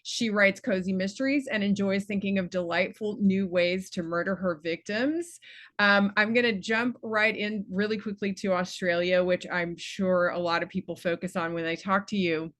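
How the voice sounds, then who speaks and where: A woman from Texas hosts a book club interview over a video call. She talks in a chatty, enthusiastic way, full of fillers and quick restarts, at an ordinary mid pitch. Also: a bit bright.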